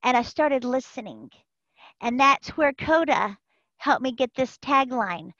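High-voiced woman sharing on call. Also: very animated, unhurried, a bit bright, no echo. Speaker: member sharing at a support group. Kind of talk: personal testimony share on a group call. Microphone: online group call. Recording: dull lo-fi call audio.

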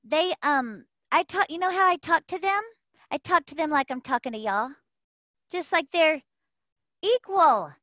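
A woman giving an animated, folksy personal testimony to a support group over an online call, repeating phrases for emphasis. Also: high voice, a little slow, no echo. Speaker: member sharing at a support group. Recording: dull lo-fi call audio.

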